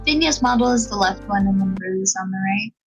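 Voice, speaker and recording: A woman's voice: mid-range voice, brisk, low-quality recording. A woman guest on a podcast, chatting in a playful, teasing way with frequent laughter. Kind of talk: casual chat. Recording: soft background music under the talk.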